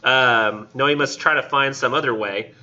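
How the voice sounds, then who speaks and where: A man's voice: medium pitch, moderate pace, pushed and bright. A male literature instructor retelling a story in a casual classroom lecture, full of "like" and "um", on a dull lo-fi recording. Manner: informal, retells the story with many fillers like "like" and "um".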